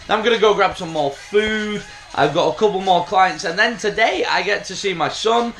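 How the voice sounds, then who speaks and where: Relaxed man vlogging casually. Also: high-pitched, normal speed. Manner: relaxed, rambling, many "uh" fillers. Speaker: powerlifting coach and vlogger. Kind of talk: casual vlog chat and voice-over.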